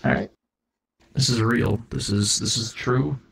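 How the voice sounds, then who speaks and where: A man's voice: on the low side, steady tone, measured pace, creaky, rough recording. A man improvising a comedic role-play as God, rambling and profane, often cutting himself off mid-sentence. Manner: rambling, profane, self-interrupting. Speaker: streamer.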